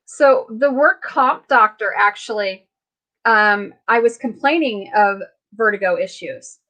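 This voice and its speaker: A middle-aged woman hosting a casual live chat, chatty and quick to laugh as she retells what people said to her. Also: mid-range voice, sharp tone, rough recording. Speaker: host.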